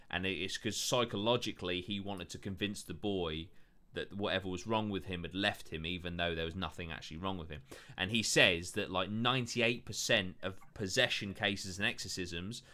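Low, bright-toned swearing podcast host. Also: male voice. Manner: loose, swearing, filler-heavy storytelling. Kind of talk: casual chat.

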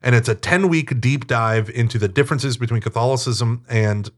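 A man being interviewed, telling stories in a talkative, animated way and acting out quoted speech. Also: mid-range voice, normal speed. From United States. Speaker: interview guest, Catholic teacher. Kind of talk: casual storytelling interview.

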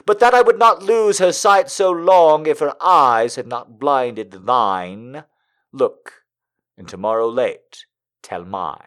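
Brief: male poetry host, lively rise and fall, reads slowly then chats with frequent laughs. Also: mid-range voice. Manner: laughs often, trails off into asides. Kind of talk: poetry reading and casual chat.

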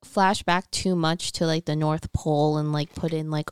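A woman chatting casually as a podcast co-host, blunt and quick to laugh. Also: low-pitched, little pitch movement, a little mellow, clean tone, dry recording, studio quality. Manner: laughs often, blunt, swears. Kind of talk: casual chat.

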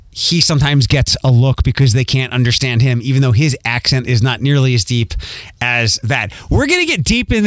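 With no room sound at all, a man's mid-range, slightly bright voice carries his podcast monologue. He's a Philadelphia host with a light accent of that city, and he rambles casually, peppering his talk with ums and repeats.

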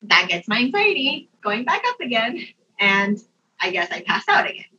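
A young adult woman telling a personal story in a casual, animated way, laughing often and using lots of fillers. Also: a little high, moderate pace, slight background noise. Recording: dull, distant mic sound.

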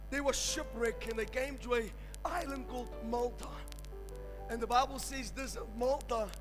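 A male preacher giving a fervent sermon at a church service, building to shouts and calling on the congregation. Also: extremely high pitch, rough recording.

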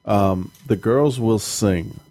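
A man talking casually as a podcast co-host and parent, rambling and animated, with some profanity. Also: lowish voice, takes it slowly. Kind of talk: casual chat.

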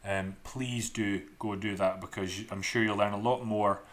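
A man's voice: lowish voice, steady tone, moderate pace, a bit bright. A man with a Scottish accent from Dundee, hosting a podcast interview over a call in a friendly, chatty way. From Scotland. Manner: friendly, chatty, laughs easily. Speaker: podcast host. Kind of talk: casual interview chat. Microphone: remote call.

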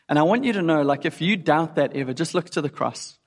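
Gravelly man preaching in a hall. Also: fairly high pitch, fairly quick, hardly any pauses. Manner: earnest, asks listeners direct questions. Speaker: pastor. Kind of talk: sermon. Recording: long hall reverb.

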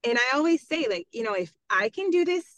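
Frank, animated mom telling stories. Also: female voice, sits high, fairly quick, no echo. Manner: frank, animated storytelling with lots of "like". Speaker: podcast guest. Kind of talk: casual conversation.

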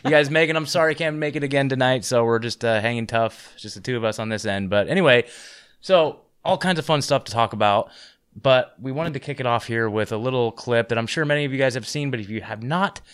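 A man's voice: medium pitch, brisk, fairly bright tone, clear, resonant tone. Easygoing male host, casual filler-heavy chat, clean resonant tone. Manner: laid-back, filler-heavy, friendly. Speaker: podcast host.

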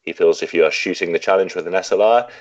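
Low-voiced man reading email on a podcast. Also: fast talker, no room sound, lo-fi sound. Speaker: podcast co-host. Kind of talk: casual podcast chat, reading listener email aloud.

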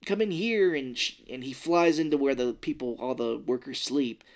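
A man's voice: mid-range voice, moderate pace. A man co-hosting a podcast, casually retelling a movie scene by scene, acting out quotes now and then. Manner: animated retelling with acted quotes and swearing. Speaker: podcast co-host. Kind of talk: casual movie recap chat.

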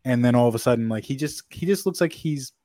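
A man's voice: medium pitch, fast talker, warm tone, no room sound, clean studio sound. A man co-hosting a sports podcast, talking casually with lots of fillers and restarts. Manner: rambling, filler-heavy, self-correcting. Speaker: podcast co-host.

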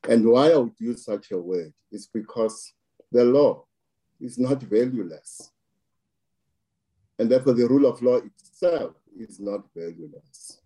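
A man speaks in a very dark, mellow voice with a slightly husky edge. He talks at a slow, deliberate pace, piling up phrases for emphasis as he gives political commentary. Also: mid-range voice, expressive.

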